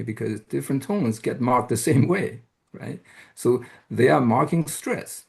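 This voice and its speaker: Man lecturing, creaky gravelly voice, mid pitch, hesitant, keeps asking "right?". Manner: explanatory, often checks with "right?"; hesitant, with frequent "uh" and restarts. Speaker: university lecturer. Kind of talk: academic lecture.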